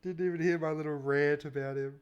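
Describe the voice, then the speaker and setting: A man's voice: a little high, fairly quick, dull audio, crowd noise. Laid-back man who laughs a lot. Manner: relaxed, laughs often, swears casually. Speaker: podcast co-host and streamer. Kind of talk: casual gaming podcast chat.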